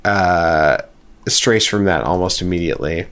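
A man's voice: deep voice, a bit bright. A man co-hosting a podcast in casual chat, talking hesitantly with many fillers. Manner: hesitant, filler-heavy, slow. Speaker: podcast co-host. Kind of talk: casual chat, critiquing song lyrics.

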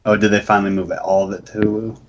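A man's voice: lowish voice, flat delivery, rapid-fire. A man joining a casual podcast chat, easygoing, chiming in briefly. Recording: dull sound with faint noise.

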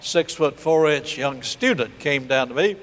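An older man preaching a sermon, telling a story and acting out the voices, slowing down to stress key points. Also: medium pitch, a bit bright, in a large hall. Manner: storytelling preacher, acts out dialogue, slows for emphasis. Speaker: pastor.

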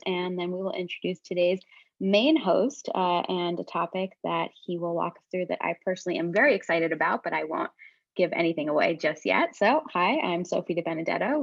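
An enthusiastic woman hosts a podcast, introducing her panel and guest with easy cheer. Her voice sits a little low for a woman. The audio is dull and lo-fi. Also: gravelly, breathy edge. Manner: upbeat, enthusiastic. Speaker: podcast host. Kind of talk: casual podcast chat.

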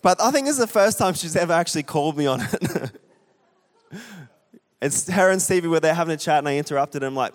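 A young male pastor preaching to a congregation, talking in a chatty, self-deprecating way and throwing questions out to the room. His voice is smooth and resonant, pitched a little high for a man. It rings with a long reverb through the church hall. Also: animated, fast talker. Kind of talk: sermon with a storytelling aside.

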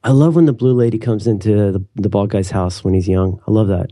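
Podcast co-host, man in his 30s, rapid rambling chat, dark mellow voice. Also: lowish voice, dry recording, studio quality. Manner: rambling, self-interrupting, animated. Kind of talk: casual chat.

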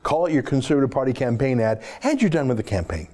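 A man's voice: mid-range voice, animated, fast talker, a little mellow. A man hosting an opinionated political monologue, talking in a sarcastic, mocking and emphatic way. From Canada. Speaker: political commentator host.

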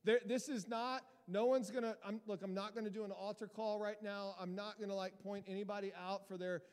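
A man's voice: sits high, steady tone, fairly quick, smooth. A male pastor preaching a sermon in a casual, joking, self-deprecating way. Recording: long church reverb.

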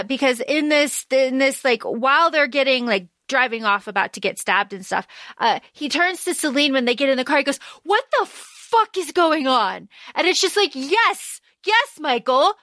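A young woman co-hosts a film podcast, her voice high and bright. She recaps scenes casually and acts out the characters' lines with a swear here and there. The sound is dry and close. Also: no room sound. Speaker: podcast co-host.

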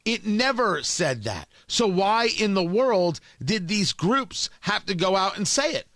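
A man's voice: high voice, very animated, unhurried, fairly bright tone, dry recording. A man hosting a political commentary show, delivering an emphatic, combative opinion monologue full of rhetorical questions.

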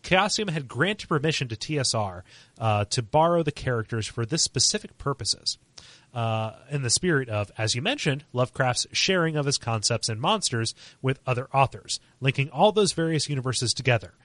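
A man co-hosting a podcast with a bright, forward voice that swings widely in pitch. He reads listener mail aloud and chats animatedly, close to a dry mic. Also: moderate pace, dry recording. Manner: animated, laughs often, mock voices. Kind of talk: casual chat.

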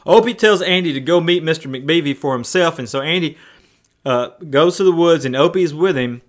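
A man preaching in a folksy, hesitant way, retelling a TV episode with frequent fillers. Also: fairly high pitch.

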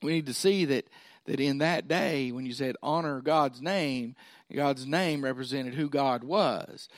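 A man's voice: medium pitch, unhurried, no room sound, studio quality. A man preaching a sermon, folksy and often checking in with his listeners. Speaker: pastor.

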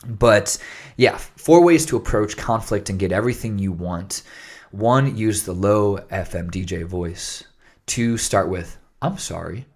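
A man with a fairly low voice talks through an idea in a loose, casual podcast chat. He rambles and restarts often, leaning on fillers as he explains. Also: unhurried, darkish tone.

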